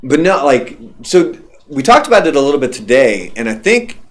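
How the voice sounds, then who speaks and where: A man hosting a casual radio after-show chat, blunt and profane, his throat hoarse. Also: mid-range voice, sing-song, moderate pace.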